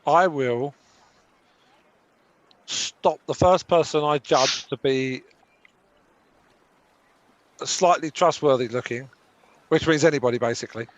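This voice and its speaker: A man's voice: mid-range voice, a bit bright, no room sound. A man playing a tabletop game, stammering and apologetic in character. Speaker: player. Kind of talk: tabletop role-play.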